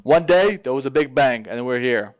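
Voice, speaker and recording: A man's voice: mid-range voice, animated, moderate pace. A man on voice chat, ranting and arguing with heavy profanity. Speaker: voice chat participant. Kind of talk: heated casual argument.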